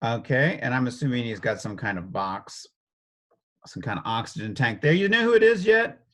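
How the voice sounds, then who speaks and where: A man's voice: mid-range voice, sing-song, moderate pace, fairly bright tone. A man teaching a casual step-by-step drawing lesson, talking playfully as he sketches and chuckling often.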